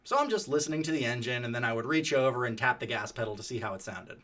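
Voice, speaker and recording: Animated casual male storyteller. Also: mid-range voice, fast. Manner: animated, profane, conversational.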